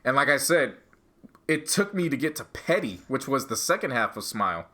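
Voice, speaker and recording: A man's voice: medium pitch, very animated, moderate pace, pushed and bright. A man co-hosting a podcast, casually talking over music reviews and arguing his point at length with restarts. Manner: argumentative, explains at length, trails off in restarts. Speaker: podcast co-host.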